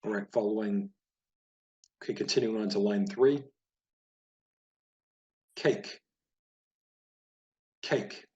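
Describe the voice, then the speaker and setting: Hebrew teacher, man, low-pitched and patient, repeats words slowly for learners. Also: steady tone, a little mellow, muffled recording. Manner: patient, explanatory, repeats each word slowly. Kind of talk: casual spoken lesson over a page of words.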